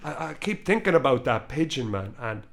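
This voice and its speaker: A man in his thirties telling a story in casual chat, animated, swearing and laughing as he goes. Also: medium pitch, fairly quick. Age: 30s.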